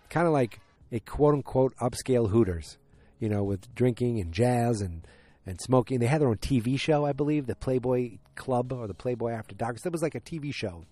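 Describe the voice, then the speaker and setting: A man's voice: mid-range voice, moderate pace, mellow, dry recording. A man hosting a solo podcast, recapping a TV series in a casual, rambling way with frank, loose swearing.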